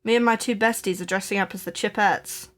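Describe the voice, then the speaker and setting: A young woman chats on a home crafting live stream and tells a winding story. She starts sentences over and over and giggles often. Her talk stays relaxed and easygoing throughout. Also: mid-range voice, brisk. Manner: chatty, rambling, giggly, with many restarts. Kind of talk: casual storytelling chat.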